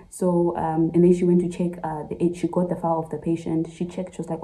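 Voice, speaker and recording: A woman's voice: on the low side, level tone, quick pace, hardly any pauses, dark tone, low-quality recording. A young woman in her twenties vlogging casually, sharing an emotional personal story, talking straight to her viewers and laughing through tears. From Zambia. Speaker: medical student vlogger. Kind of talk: casual confessional vlog.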